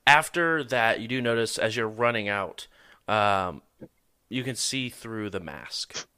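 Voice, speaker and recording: A man with a lowish voice and a bright, forceful edge to it runs a tabletop game as its narrator. He teases his player and laughs a lot as he describes the action. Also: slow, clear, resonant tone. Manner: laughs often, teasing. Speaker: game master.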